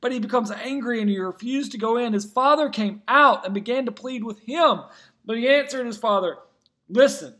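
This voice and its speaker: Man, very high voice, pastor, sermon, conversational scripture retelling. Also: fairly quick, pushed and bright.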